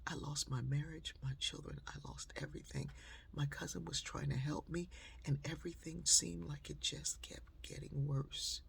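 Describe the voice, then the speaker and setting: A woman voicing a heartbroken tall young man who speaks in a hushed, breathy whisper. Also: lowish voice, a little fast, few pauses, pitched above the performer's own voice. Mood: despairing.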